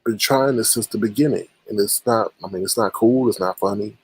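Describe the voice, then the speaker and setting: A man's voice: lowish voice, fairly quick, darkish tone, husky, dry recording, rough recording. A man hosting a casual livestream chat, talking in a sarcastic, teasing way. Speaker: livestream host.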